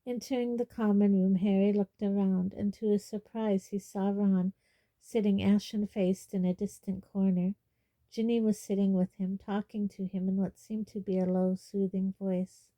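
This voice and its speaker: Woman, audiobook reader, calm even narration, very dark mellow voice. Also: mid-range voice, moderate pace. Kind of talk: storybook narration.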